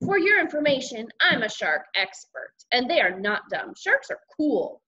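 A woman voicing an upset first-grade boy who whines and shouts back at his sister. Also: high voice, big pitch swings, normal speed, dull audio, voice pushed up, exaggerated voice. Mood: whiny upset. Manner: whiny and shouting.

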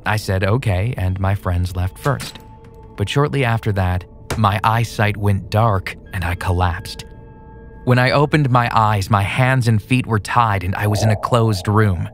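A man narrating a first-person horror story in a steady, plain scripted read. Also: fairly low pitch, measured pace. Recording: soft music underneath.

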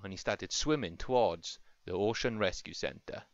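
A man narrating an improvised toy-play story in a lively, playful way. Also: lowish voice, normal speed, no room sound. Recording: dull lo-fi home recording.

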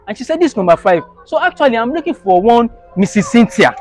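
A man's voice: very high voice, sing-song, fast, faint music behind. A man playing a nervous, polite young company messenger who hesitates and defers. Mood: explaining.

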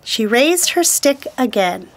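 A woman storyteller reading a children's picture book aloud, slow, gentle and deliberate. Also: fairly high pitch, very animated, music in the background.

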